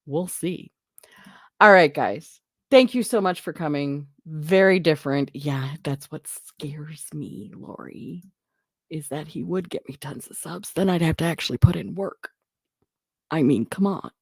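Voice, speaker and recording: A woman's voice: fairly low pitch, dry recording, clean studio sound. A woman hosting a live stream, chatting casually and answering viewer comments in a rambling way, often breaking off and laughing.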